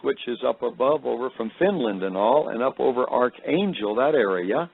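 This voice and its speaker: A man recounts a personal testimony in a gravelly, tired voice that sits deep tonight. He rambles and halts, filling gaps with hesitations. The sound is thin and phone-like, as if heard over a radio broadcast. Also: animated, no room sound. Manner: rambling, halting storytelling with many fillers. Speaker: speaker recounting a vision.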